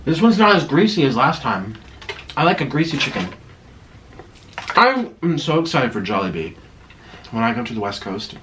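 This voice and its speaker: A man's voice: mid-range voice, sing-song, normal speed, pauses often, noisy background. A man chatting casually while eating on camera, rambling and laughing at himself. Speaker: mukbang vlogger.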